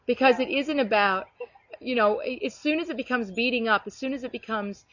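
Earnest woman guest with a fairly high voice, telling animated faith stories on a dry, dull-sounding recording. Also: brisk, no echo. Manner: heartfelt, animated storytelling, many restarts. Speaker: guest sharing ministry stories. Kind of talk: earnest conversational testimony.

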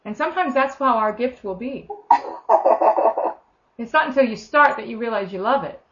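A woman's voice: fairly high pitch, lively intonation, moderate pace, fairly bright tone, lo-fi sound. A woman giving an informal, earnest sermon, talking conversationally and acting out the voices of the people she quotes. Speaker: preacher.

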